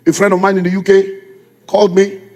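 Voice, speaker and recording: A man's voice: high-pitched, completely flat delivery, a little fast, a little mellow. A middle-aged man with a Nigerian accent, preaching a sermon as a pastor, firing repeated rhetorical questions at his congregation. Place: church. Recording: long reverb of a church hall.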